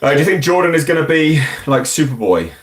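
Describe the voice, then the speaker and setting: Animated, blunt British man streaming. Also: fairly high pitch, fast talker. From United Kingdom. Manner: rambling, blunt and frank, animated. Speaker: live streamer host. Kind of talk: casual live-stream chat answering viewer comments.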